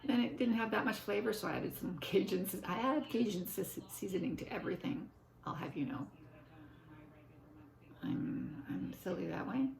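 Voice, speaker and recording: A woman's voice: medium pitch, animated, normal speed, gravelly. An older woman, chatting casually in a meandering way and breaking off into forgetful asides to herself. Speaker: vlogger. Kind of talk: casual rambling chat. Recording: echoey room.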